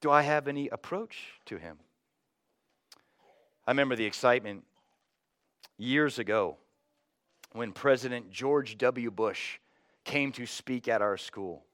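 A pastor from North Texas with a Texan accent, preaching a sermon with emphatic swells that fall back to quiet low phrases. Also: male voice, unhurried, pauses often, no echo, studio quality. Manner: dynamic, rising to emphatic highs then dropping low.

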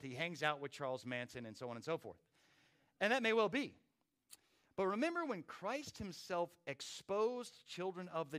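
A man's voice: on the high side, a bit bright. A man preaching a sermon with dramatic rises and drops in volume. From not from Australia. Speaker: pastor.

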